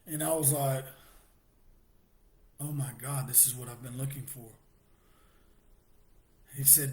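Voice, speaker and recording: Man telling his story haltingly. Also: medium pitch. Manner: halting, with restarts and soft laughs. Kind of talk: personal testimony.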